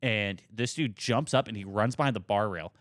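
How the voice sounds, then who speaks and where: Man, twenties, lowish voice, dry sound, casual podcast story, loose and profane. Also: normal speed, no room sound. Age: 20s. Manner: animated, swears a lot, many fillers. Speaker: podcast co-host.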